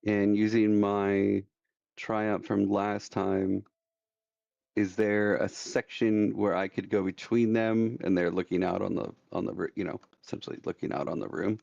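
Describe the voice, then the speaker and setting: A male tabletop player speaks plainly and matter-of-factly in a very deep, gravelly voice. The mic sounds muffled and lo-fi, and the sound is dry. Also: little pitch movement, unhurried, a little mellow, no room sound. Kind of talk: casual tabletop play.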